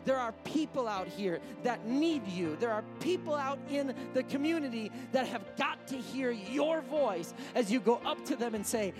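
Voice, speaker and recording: A preacher delivering a fervent sermon, pressing points home through repetition and talking straight to the people watching online. The voice sits at a middling pitch, and music plays clearly underneath. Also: lively intonation, normal speed, hardly any pauses. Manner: impassioned, preaching with rising intensity and repetition; speaks to a congregation watching online. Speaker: pastor.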